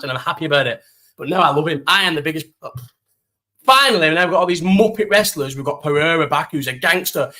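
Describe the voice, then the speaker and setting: A young man hosts a casual live chat, telling a holiday story full of slang and swearing. His voice sits a little high and sounds bright and forceful.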